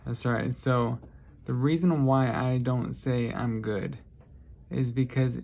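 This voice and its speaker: A man's voice: mid-range voice, steady tone, takes it slowly, creaky, a little mellow. A man vlogging, telling casual stories in a rambling, lighthearted way and often correcting himself. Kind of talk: casual storytelling monologue.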